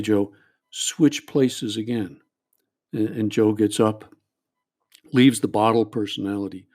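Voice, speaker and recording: A man's voice: on the low side, a little mellow. A male priest and counselor explaining a group therapy exercise. He speaks earnestly, restarts his phrases often, and keeps checking in with "all right?".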